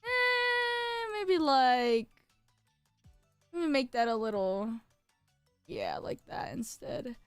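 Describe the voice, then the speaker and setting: Young woman streamer, high bright voice, dry close mic, bubbly rambling chat. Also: animated, slow, long pauses, clean tone, no echo, faint music behind. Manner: bubbly, lots of filler words, jumps between topics. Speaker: VTuber streamer. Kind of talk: casual live-stream chat.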